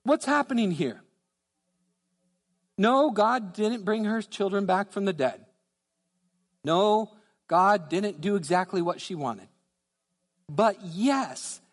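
A man with a fairly high voice preaching a sermon from the pulpit. He repeats key phrases for emphasis and drops low on the words he wants to land. His voice rings through a church hall with a long reverb tail. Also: expressive, slow pace, long pauses. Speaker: pastor. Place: church sanctuary.

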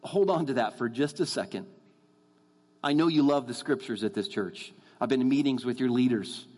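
A man preaching a sermon in a church, earnest, calling his listeners "folks" and slowing down to stress his points. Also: medium pitch, darkish tone. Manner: earnest, addresses the crowd as folks, slows down for emphasis. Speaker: guest preacher. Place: church sanctuary. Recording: long hall reverb.

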